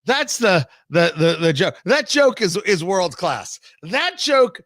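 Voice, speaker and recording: A man's voice: high-pitched, very animated, slow, a bit bright, no echo. A male talk show host giving a rambling, sarcastic political commentary monologue, full of restarts and tangents. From United States.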